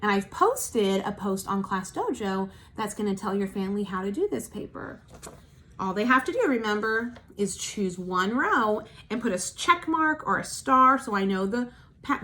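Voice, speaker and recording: A woman teacher giving a recorded phonics lesson for young children, slowly modelling sounds for them to repeat and praising them patiently. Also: on the high side, pushed and bright. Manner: encouraging, patient. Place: at home.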